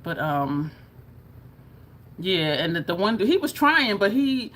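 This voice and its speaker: A woman's voice: fairly low pitch, big pitch swings, takes it slowly, a bit bright, slight background noise. A woman vlogging to camera in a casual, chatty way, laughing often and showing her jaw as she talks. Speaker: beauty vlogger.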